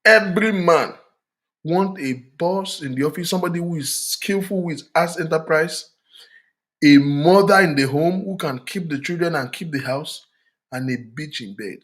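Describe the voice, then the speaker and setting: A man's voice: on the high side, normal speed. Emphatic man giving frank advice. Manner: emphatic, preachy, switches into Yoruba. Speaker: relationship talk host. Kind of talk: frank relationship advice monologue.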